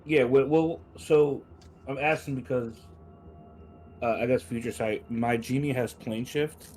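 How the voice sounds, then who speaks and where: A man's voice: mid-range voice, steady tone, measured pace, a little mellow, faint music behind. A man playing a tabletop game who asks questions and plans ahead. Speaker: player.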